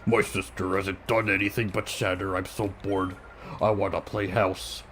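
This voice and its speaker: A man's voice: sits low, flat delivery, normal speed, soft background music, pitched below the performer's own voice. A man doing a mopey bored game kid. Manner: mopey, quiet. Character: bored little game child, whiny.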